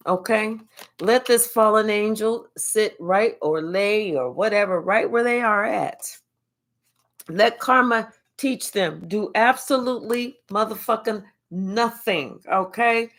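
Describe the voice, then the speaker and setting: A woman talking casually to camera as a tarot reader, swearing freely and leaning hard on drawn-out phrases. Her voice sits at an ordinary middle pitch, and her delivery swings between loud bursts and murmured asides. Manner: profane, animated, drawn-out emphatic phrases. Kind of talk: casual spiritual reading to camera.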